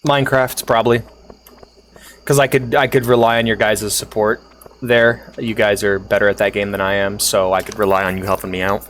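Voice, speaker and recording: A man's voice: lowish voice, level tone, brisk, fairly bright tone, slight background noise. A male streamer chatting casually with his audience, rambling between topics, swearing freely and laughing often.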